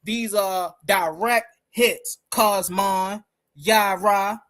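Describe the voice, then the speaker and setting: A woman's voice: medium pitch, very slow, fairly bright tone. A woman hosting a live-stream commentary, talking in an emphatic, combative way and speaking straight to her listeners. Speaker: host.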